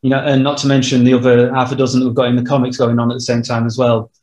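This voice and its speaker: A man's voice: mid-range voice, monotone, very fast, a little mellow. A man co-hosting a casual podcast chat, hesitant, with many "um" and "I don't know". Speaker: podcast co-host. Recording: roomy echo.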